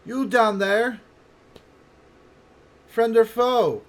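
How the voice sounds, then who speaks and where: A man's voice: fairly high pitch, takes it slowly, voice pushed up. A man doing a wary woman calling down. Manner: suspicious, commanding.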